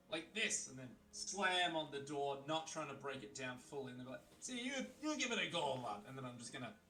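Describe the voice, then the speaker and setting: A man's voice: mid-range voice, fairly bright tone. A man playing a tabletop game, chatting playfully and describing his actions. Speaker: player. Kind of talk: casual tabletop chat. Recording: roomy mic from a distance.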